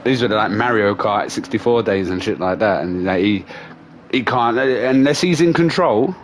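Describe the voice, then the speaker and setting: A man's voice: fairly low pitch, moderate pace, a little hiss or hum. A man, a gaming streamer telling stories in a casual, profane rant and laughing along the way. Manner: profane, animated storyteller.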